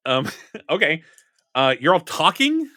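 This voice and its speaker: A man's voice: fairly high pitch, very animated, unhurried, bright, forceful tone, dry recording, clean studio sound. A man running a tabletop game as game master, narrating in a rambling way, full of fillers and self-corrections.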